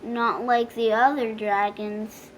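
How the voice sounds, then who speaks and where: A woman's voice: on the high side, flat delivery, a little hiss or hum. A woman voicing a bold young princess who speaks bluntly and matter-of-factly in a storybook reading. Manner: brisk and matter-of-fact.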